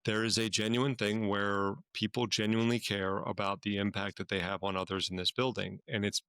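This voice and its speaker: Low gravelly-voiced man telling stories. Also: brisk, dry recording. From Washington, D.C. area. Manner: storytelling, animated when quoting others. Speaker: podcast co-host. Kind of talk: casual conversational podcast.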